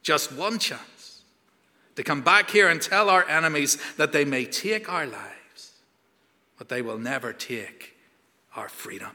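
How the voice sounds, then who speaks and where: A man voicing a medieval warrior chief rallying his frightened army, declaiming loudly. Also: fairly high pitch, expressive, measured pace, in a large hall, full character voice. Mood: rousing. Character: rousing medieval male warrior chief addressing troops.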